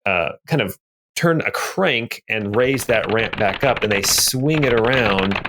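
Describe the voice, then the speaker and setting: Low-voiced man narrating as game master. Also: background noise. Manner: relaxed, with many ums and restarts.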